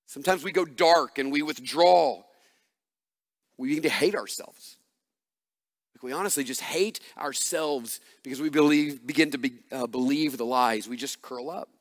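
A man's voice: mid-range voice, moderate pace. A man preaching a sermon as pastor, emphatic and repetitive, building punchy refrains. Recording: long reverb of a large hall.

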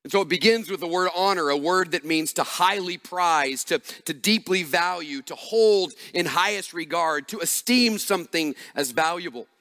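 A man's voice: high-pitched, normal speed, few pauses, pushed and bright, in a large hall. A man preaching a sermon as pastor, earnest and repeating phrases for emphasis.

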